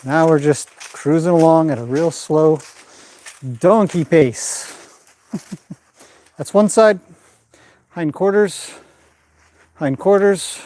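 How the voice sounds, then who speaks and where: A man training a horse in a pen, calmly explaining what he does while softly praising and directing the animal. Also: a little high, takes it slowly, long pauses. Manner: calm running commentary mixed with soft praise to the horse.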